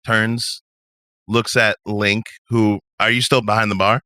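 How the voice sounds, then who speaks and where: A man's voice: fairly low pitch, little pitch movement, measured pace, sharp tone, dry recording, clean studio sound. A man voicing an easygoing male mind-reader who loves to jam and talks in a drawling, probing way.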